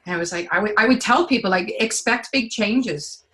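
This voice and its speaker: A woman's voice: medium pitch, a little fast. Chatty woman sharing a testimonial. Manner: chatty, animated storyteller. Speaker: client giving a testimonial. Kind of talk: casual conversation.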